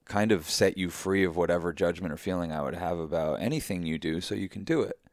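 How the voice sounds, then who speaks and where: A man's voice: sits low, fast talker, no echo, studio quality. A man in a casual, heartfelt conversation who talks emphatically and effusively, swearing freely and speaking in spiritual terms.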